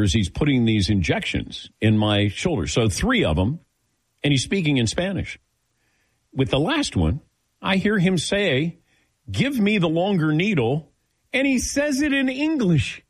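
An older man with a lowish, slightly breathy voice hosts a sports talk show. He tells stories casually and animatedly, playing out the dialogue as he goes.

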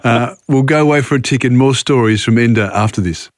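A man's voice: mid-range voice, fairly quick, very noisy. A man hosting a radio talk show, giving brief links and reactions. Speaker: radio host.

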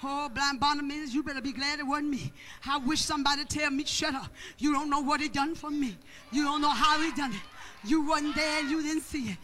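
A preacher with a high, piercingly bright voice delivers a fervent sermon. The preacher swings into shouted, half-sung refrains and drives repeated phrases home in call-and-response style. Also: a little fast. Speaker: pastor.

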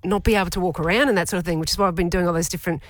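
A woman's voice: lowish voice, racing, no echo. A middle-aged woman co-hosting a casual chat, candid and self-mocking, laughing often. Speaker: podcast co-host.

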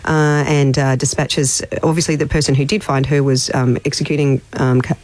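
A woman co-hosting a casual chat show, talking with many fillers and pauses. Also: rumbling low, flat delivery, a little mellow. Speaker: radio co-host.

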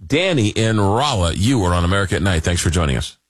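A man hosting a late-night call-in radio show, reading listener messages aloud and answering callers, halting often with fillers. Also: deep voice, very animated, no room sound. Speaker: radio talk show host. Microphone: studio microphone.

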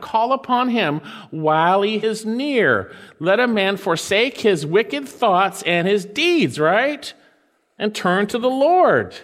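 A man preaching a sermon, reading scripture slowly and swinging his voice up and down for emphasis. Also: a bit bright, big-room sound. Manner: preaching with sweeping pitch swings and drawn-out scripture lines. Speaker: pastor.

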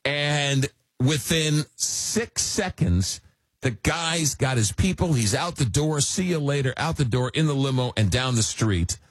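A middle-aged man from Long Island hosting a radio talk show, telling stories in a rambling, animated way. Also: mid-range voice, measured pace, no room sound. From Long Island, New York. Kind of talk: casual radio chat.

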